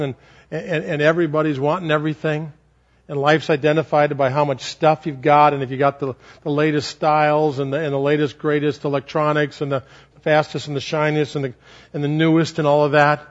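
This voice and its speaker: A man preaching a sermon, telling stories in an animated way and repeating words for effect. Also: on the high side, fairly quick. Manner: animated, repetitive. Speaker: pastor. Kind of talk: sermon storytelling. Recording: lo-fi sermon recording.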